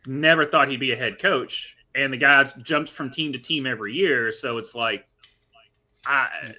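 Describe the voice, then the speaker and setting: A man's voice: medium pitch, normal speed, pushed and bright. A man co-hosting a podcast, talking casually about football with skeptical, wry remarks. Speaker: podcast co-host. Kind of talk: casual sports podcast chat.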